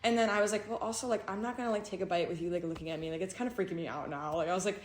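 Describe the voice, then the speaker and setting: A young woman co-hosting a podcast, telling an animated story full of fillers and bursts of laughter. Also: mid-range voice, very fast, slight background noise. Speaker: podcast co-host. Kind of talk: casual storytelling chat. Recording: roomy echo.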